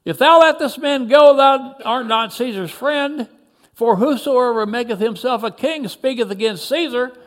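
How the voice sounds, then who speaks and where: A man reading a biblical story aloud, voicing angry men in a crowd with loud, high shouts. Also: measured pace.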